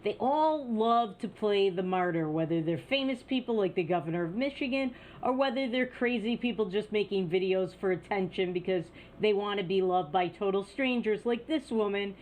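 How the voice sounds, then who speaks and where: A woman's voice: mid-range voice, a little fast, few pauses, darkish tone. Scornful woman opinion host. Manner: scornful, sarcastic. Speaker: news commentary host. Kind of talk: opinion commentary.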